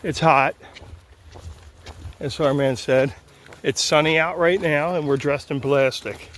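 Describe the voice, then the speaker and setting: A man with a higher, somewhat bright voice speaks slowly with fairly even intonation, with slight background noise behind him. He's vlogging a thru-hike along a rural road, chatting casually and cooing sing-song at the animals he passes.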